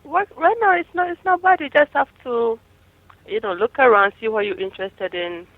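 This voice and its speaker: A woman's voice: a little high, moderate pace, dry recording. A woman, calling in, friendly and hesitant. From New York. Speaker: caller. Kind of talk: phone chat. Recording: muffled phone line.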